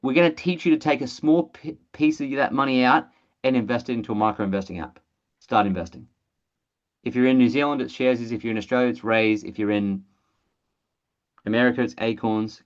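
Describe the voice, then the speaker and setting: Blunt, excitable trainer voice, mid pitch, muffled video-call audio, casual swearing. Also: brisk. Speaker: presenter of an online training call. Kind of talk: energetic sales training webinar.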